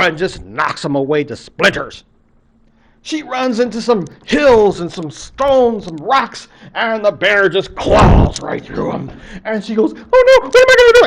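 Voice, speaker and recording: An older man, a college professor, telling a traditional story in a folksy, conversational way, acting out the scenes. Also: high-pitched. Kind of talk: traditional story told to camera.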